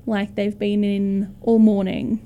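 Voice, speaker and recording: Woman game master, mellow dark voice, easygoing narration. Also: medium pitch, takes it slowly, highs cut off. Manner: relaxed, loose narration with fillers.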